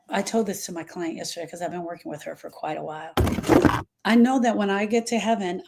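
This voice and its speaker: A woman hosting a grief-coaching livestream, talking to viewers with emphatic repetition and reading their comments aloud. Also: medium pitch. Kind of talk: live-stream talk to viewers.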